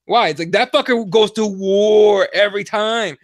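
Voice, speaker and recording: Brief: young man, high pitched, animated and foul-mouthed podcast co-host, dry close sound. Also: normal speed, dry recording. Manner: profane, animated storytelling. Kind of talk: casual chat.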